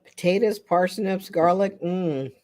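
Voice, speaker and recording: A woman's voice: fairly low pitch, unhurried, a little mellow. An older woman hosting a casual livestream chat with viewers, chatty and rambling, often breaking into laughter. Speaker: livestream host.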